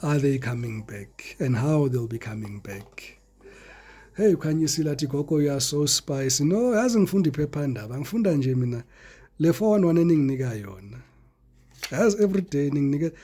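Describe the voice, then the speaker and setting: Husky South African man reading tarot. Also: on the high side, dark tone. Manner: chatty and playful, mixing languages. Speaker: tarot reader. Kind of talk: casual tarot reading to viewers.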